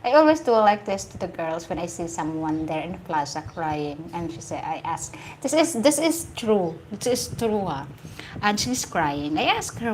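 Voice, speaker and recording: A woman's voice: on the low side, sing-song, normal speed, a little hiss or hum, poor audio. A woman with a Filipino accent hosting a casual live stream, reading out viewer comments, teasing and laughing often as she repeats her phrases. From Philippines. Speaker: livestream host.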